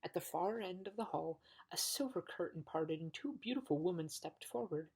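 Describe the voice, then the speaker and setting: A woman's voice: fairly low pitch, lively intonation, moderate pace, a little mellow, slightly rough, rough recording. A woman reading a storybook aloud as an audiobook, with occasional stumbles and restarts. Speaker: audiobook reader.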